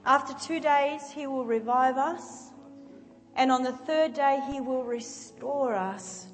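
Aussie lady preacher, chatty and animated, high voice, long reverb in a big hall. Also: slow, soft background music. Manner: conversational, animated, acts out scenes. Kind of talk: sermon. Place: church hall.

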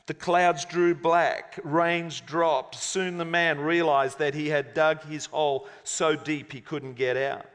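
A man's voice: a little high, steady tone, slow pace, clear, resonant tone. A male preacher giving a conversational sermon and reading a story aloud. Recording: long hall reverb.

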